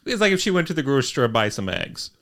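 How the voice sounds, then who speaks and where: A man co-hosting a casual podcast recap, talking in a dry, wry way with deadpan asides. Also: mid-range voice, rapid-fire, creaky. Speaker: podcast co-host.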